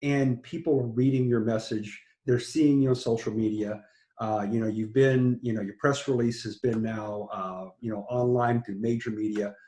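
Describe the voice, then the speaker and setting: A man's voice: medium pitch, fairly even intonation, moderate pace, warm tone, echoey room. A man from Texas, interviewing an author in an enthusiastic, rambling conversational way. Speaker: interviewer, publisher.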